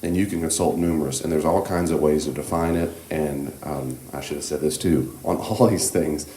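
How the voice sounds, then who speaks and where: Male church class teacher, extremely low voice, gentle and reassuring, conversational, echoey room. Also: normal speed. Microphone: handheld microphone. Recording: echoey room with faint background hiss.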